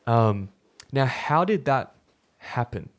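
A man co-hosts a faith podcast and talks through a scripture story in a loose, conversational way. He pauses on fillers, restarts his sentences and lets the story unfold casually into his microphone. His voice sits at an ordinary middle pitch. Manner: relaxed and storytelling, with fillers and self-corrections. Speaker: podcast co-host.

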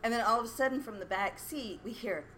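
A woman's voice: fairly high pitch, fast talker, a bit bright, slight background noise. A woman nanny telling a story in a casual chat, in a plain, matter-of-fact way.

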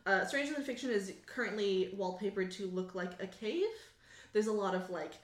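In an echoey garage, a woman with a medium-pitched voice runs a tabletop role-playing game as game master, speaking at normal speed. She's casual and laughs often, her narration packed with "like" and "um."

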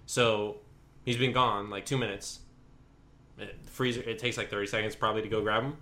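A man's voice: on the low side, fairly even intonation, normal speed, pushed and bright. A man in his twenties casually telling a long, rambling anecdote on a podcast, full of fillers. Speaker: podcast co-host. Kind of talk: casual chat, storytelling.

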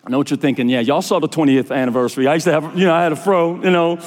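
A man preaching a sermon as pastor, telling stories with fervor that climbs to high, intense peaks. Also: rapid-fire, long reverb tail. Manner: animated storytelling preacher, rising to high fervent peaks.

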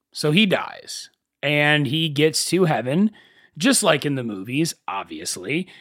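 Young male solo podcaster, animated storyteller, slightly high voice, dry close sound. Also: no room sound. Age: young adult. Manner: animated storyteller, swears freely. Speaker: podcast host. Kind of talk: casual solo podcast monologue.

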